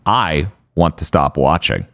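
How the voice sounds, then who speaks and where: Podcast co-host, man, low voice, dry close sound, sarcastic exasperated recap delivery. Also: very animated, unhurried, creaky, fairly bright tone, no echo. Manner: sardonic, exasperated, swears. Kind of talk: casual comedic recap.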